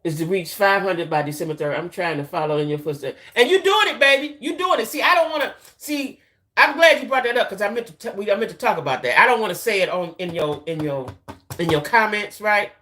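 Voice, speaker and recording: A woman's voice: lively intonation, brisk, fairly bright tone. A middle-aged woman, hosting a loose, casual live-stream chat with her viewers. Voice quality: deep voice. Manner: chatty, loose, repeats herself, talks to viewers as y'all. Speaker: YouTube channel host.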